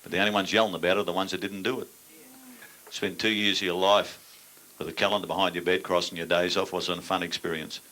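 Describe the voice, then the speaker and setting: A man's voice: low-pitched, level tone, fast, pushed and bright. An older man with an Australian accent, a stand-up comedian telling crude yarns with blunt, dry punchlines to a laughing audience.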